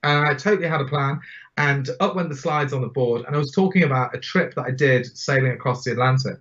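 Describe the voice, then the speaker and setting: A man in his forties, guest on an interview podcast, telling his stories in an animated, emphatic way. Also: medium pitch, fast. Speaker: guest speaker. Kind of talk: storytelling interview. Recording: dull lo-fi sound.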